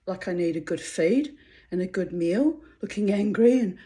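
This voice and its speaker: A woman's voice: medium pitch, expressive, normal speed, mellow. A middle-aged woman rambles through a personal monologue in a chatty, self-mocking way. She breaks into laughter often as she talks. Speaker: vlogger.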